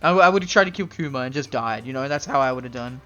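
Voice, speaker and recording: A man's voice: medium pitch, expressive, fast talker, pushed and bright, lo-fi sound, faint music behind. A man live-streaming a game, chatting casually with his viewers and swearing freely. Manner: casual, swearing, talks to chat. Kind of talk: live gameplay commentary.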